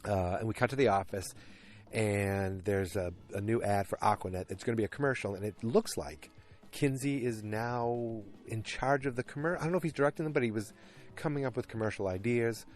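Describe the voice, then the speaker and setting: A man's voice: fairly low pitch, a little fast, soft background music. Male podcast host, casual solo recap, rambling and filler-heavy. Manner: rambling, chatty, many fillers.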